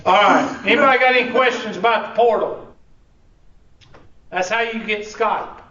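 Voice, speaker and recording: A man's voice: high-pitched, moderate pace, sharp tone. Casual man teaching class. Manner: casual, joking, drawling with y'all. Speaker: college instructor. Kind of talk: classroom instruction. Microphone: room recording from a distance. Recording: echoey, distant, dull classroom recording.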